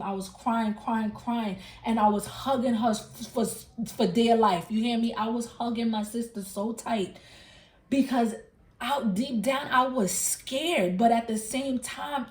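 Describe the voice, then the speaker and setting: A woman's voice: on the high side, darkish tone, roomy sound. A woman who hosts a tarot channel, casually telling the story of a dream in an emphatic way, repeating and rephrasing herself as she goes. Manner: emphatic and repetitive, circling back to rephrase. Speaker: tarot reader and channel host.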